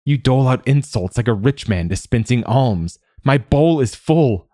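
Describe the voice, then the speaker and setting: A man's voice: medium pitch, lively intonation, normal speed, mellow, no echo, clean studio sound, pitched above the performer's own voice, close to an everyday voice. A man voicing a giggly boy novice monk who chokes on laughter. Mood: laughing.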